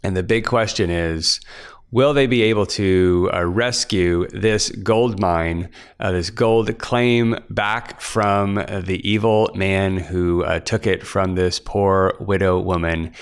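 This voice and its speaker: Slow, smooth-voiced man. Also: sits low, steady tone. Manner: slow, with frequent filler pauses. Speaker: author promoting his book. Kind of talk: casual spoken promo.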